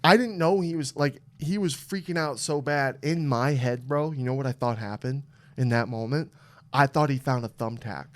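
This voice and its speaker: A young man hosting a podcast, telling a story in a lively, animated way, swearing often and acting out what people said. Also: mid-range voice, moderate pace. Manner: animated, swearing, acts out quotes. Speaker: podcast host. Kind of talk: casual storytelling chat.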